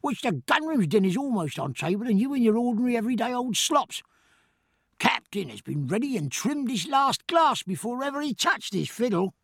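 A man doing an insolent old ship's steward, pitched well up and bustling, with a tart, nagging bite. His husky voice sits dry and close. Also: sing-song, a little fast, no room sound, exaggerated voice. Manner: sharp, nagging, scolding.

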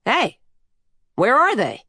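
A woman's voice: on the high side, huge pitch swings, takes it slowly, sharp tone, husky, dry recording, clean studio sound, pitched above the performer's own voice, exaggerated voice. A woman reading an audiobook voices a crude, fearless old female coyote spirit, talking in a blunt, earthy drawl. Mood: calling out. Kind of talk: audiobook character voice.

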